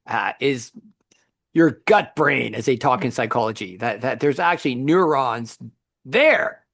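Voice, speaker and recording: A middle-aged man co-hosting a faith podcast, telling a story in a lively conversational way with frequent restarts. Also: medium pitch, a little slow, creaky, dry recording, studio quality. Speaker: podcast co-host.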